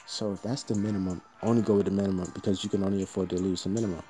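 A man's voice: deep voice, fairly even intonation, very fast, dark tone, faint music behind. A man talking through a trading strategy in a rambling, slangy, joking monologue. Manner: loose, slangy, joking, profane.

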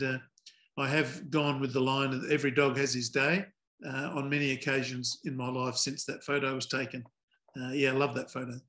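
An older man, a retired umpire, telling anecdotes as a podcast guest with dry humor and a relaxed manner. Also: medium pitch.

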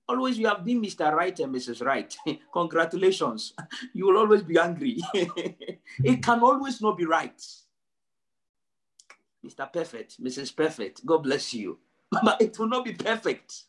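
A male pastor preaching a sermon, emphatic, repeating his phrases and swinging from low and quiet to high and loud. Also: sing-song, moderate pace, pauses often. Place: church service.

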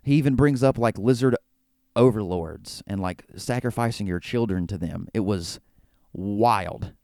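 A man's voice: lowish voice, a little slow, darkish tone, dry recording, studio quality. A man hosting a podcast, recapping events in a casual, joking way with frequent stammered repeats. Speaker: podcast host. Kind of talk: casual wrestling recap commentary.

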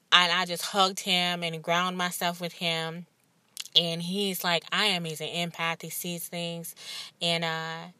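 A woman's voice: fairly low pitch, sharp tone, no echo. A woman in her thirties, a podcast host and life coach, telling a personal story in a candid, rambling, emotional way. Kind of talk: casual personal monologue.

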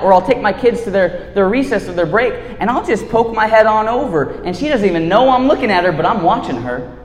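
A man giving a casual sermon, laid-back and slangy, swinging between hushed and loud. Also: high-pitched, a little hiss or hum. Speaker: preacher. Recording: echoey hall reverb.

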